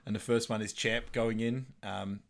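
A man's voice: lowish voice, steady tone, normal speed, creaky. A man co-hosting a casual podcast, chatting and laughing as he recaps a film. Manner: chatty, laughs often, acts out film quotes. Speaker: podcast co-host.

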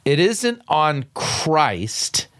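A man's voice: on the high side, sing-song, drawn-out words, a bit bright, dry recording, clean studio sound. A man hosting a radio show, giving sarcastic, incredulous commentary on video clips, often stumbling and restarting. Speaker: radio show host and pastor.

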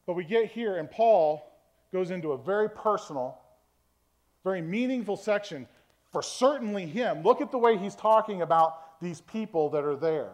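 A man with a notably high voice preaches a sermon in a relaxed, conversational teaching style. He checks in with his listeners often and plays with tone to make his points. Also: normal speed. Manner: conversational teaching, frequent "okay?" check-ins; varies tone to demonstrate meanings. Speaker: pastor.

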